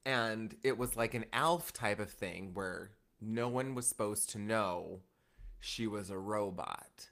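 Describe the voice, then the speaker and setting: Podcast co-host, male, animated and joking, bright tone. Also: fairly low pitch, vocal fry. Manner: animated, laughing, quick asides and impressions. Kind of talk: casual chat.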